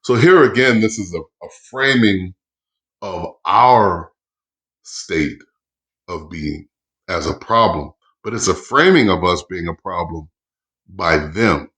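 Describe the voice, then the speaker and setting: A man's voice: low voice, lively intonation, slow, fairly bright tone. A middle-aged man teaching history in an impassioned, preacherly way, full of rhetorical questions. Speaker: educator. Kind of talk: history lesson with commentary.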